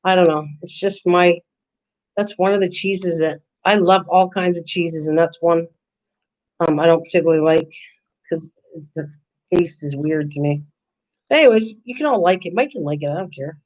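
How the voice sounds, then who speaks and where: A woman's voice: lowish voice, normal speed, darkish tone. Older woman host, playful and teasing, chatty live-stream banter, slightly muffled lo-fi sound. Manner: teasing, chatty, answers viewer comments. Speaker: channel host. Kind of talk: casual live-stream chat.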